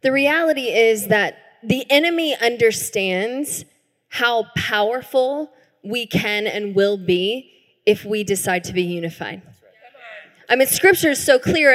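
A woman's voice: a little high, a bit bright. A woman pastor preaching a sermon in an earnest, emphatic way. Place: church hall. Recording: reverberant church hall.

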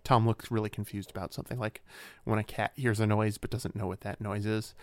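A man co-hosting a comedy podcast, deadpan and teasing, often trailing off quietly. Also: on the low side, a little fast, no echo. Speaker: podcast co-host.

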